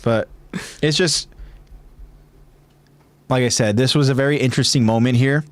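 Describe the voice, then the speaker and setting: A man's voice: medium pitch, moderate pace, dry recording. A man hosting a podcast in casual chat, rambling with many fillers and restarts. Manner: rambling, filler-heavy, hesitant. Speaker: podcast host.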